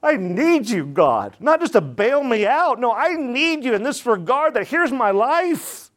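A pastor with a high-pitched voice delivers a fervent, emphatic sermon in church. He drives his points hard and calls on the congregation to answer back. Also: a little slow. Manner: energetic, emphatic preaching with call-and-response.

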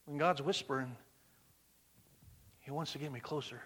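Preacher, male, bright forceful tone, slightly high, big dynamic swings. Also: moderate pace, breathy edge. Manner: animated, swings between loud emphasis and hushed near-whispers. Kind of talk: sermon.

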